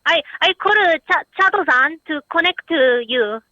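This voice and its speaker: Casting: furious woman caller, bright and piercing, dull phone sound. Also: sits high, animated, normal speed, no room sound. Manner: angry, cursing. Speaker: prank caller.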